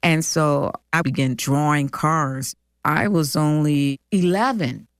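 Slow-spoken older woman from Detroit. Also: deep voice, dry recording, clean studio sound. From Detroit, USA. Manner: slow, heartfelt, reflective. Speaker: storyteller interviewed by family. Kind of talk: personal recollection.

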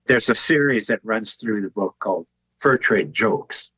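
A man's voice: fairly low pitch, a little slow, breathy edge, dry recording, poor audio. Older man telling dry, wry stories. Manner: relaxed, anecdotal, wry humor. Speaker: author and artist guest. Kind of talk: conversational interview storytelling.

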